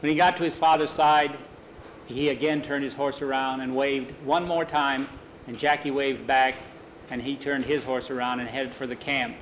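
An older man telling a frontier story in an unhurried, folksy way and acting out the dialogue. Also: mid-range voice, steady tone, fairly bright tone, dull audio, slight background noise. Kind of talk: spoken storytelling.

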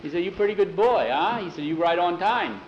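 A man's voice: sits high, expressive, fast talker, reverberant, lo-fi sound, crowd noise, voice pushed up. A man voicing a lazy, cigar-smoking older man with an easygoing drawl. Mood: welcoming.

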